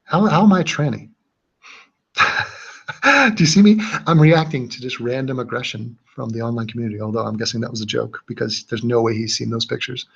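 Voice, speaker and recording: A man's voice: medium pitch, brisk, vocal fry, a bit bright, breathy edge, muffled recording. A man hosting a livestream, reading out chat comments and chatting casually in a rambling, joking way. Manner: rambling, joking, with fillers and restarts.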